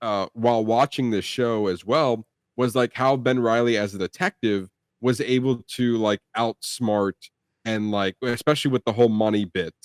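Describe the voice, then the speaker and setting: A man's voice: medium pitch, fairly even intonation, normal speed, smooth, no room sound, clean studio sound. A young man co-hosting a film review podcast, chatting casually and rambling with plenty of fillers. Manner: rambling, lots of "like" and restarts. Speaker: podcast co-host.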